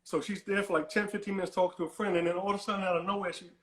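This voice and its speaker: Male caller, higher voice, rambling storyteller, roomy echo on the line. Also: flat delivery, rapid-fire, a bit bright. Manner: rambling, repeats and restarts words, dismissive "whatever". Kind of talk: animated storytelling on a call-in show.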